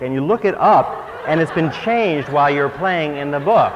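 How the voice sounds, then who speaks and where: A man's voice: on the high side, a little fast, few pauses. A man giving a humorous workshop talk as a spiritual teacher on stage, full of self-mocking asides. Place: stage before an audience. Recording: dull old recording, long hall reverb, faint hiss.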